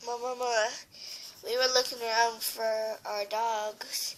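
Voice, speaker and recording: A woman's voice: on the high side, flat delivery, takes it slowly, a bit bright, soft background music, low-quality recording. A teenage girl tells a sad story to the camera, tearful and rambling with lots of fillers. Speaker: vlogger.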